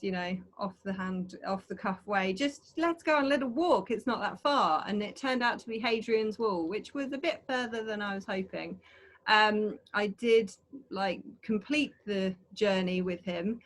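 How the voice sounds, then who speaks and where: A woman's voice: medium pitch, fairly bright tone. A woman co-hosting an online adventure talk over a video call, chatty and rambling, with frequent fillers.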